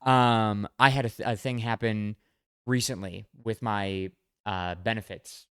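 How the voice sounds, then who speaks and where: A man's voice: fairly low pitch, steady tone, unhurried, clear, resonant tone, no room sound, clean studio sound. A man co-hosting a podcast, chatting casually and laying out emphatic, jokey theories. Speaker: podcast co-host. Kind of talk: casual chat.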